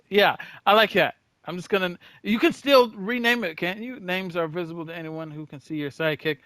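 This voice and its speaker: A man with a fairly high, bright, forceful voice talks his way through a video game as he plays. His commentary is casual and rambling, full of repeated words and thinking aloud. The sound is dry and close, with no room echo. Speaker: gaming video creator. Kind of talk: casual gameplay reaction commentary.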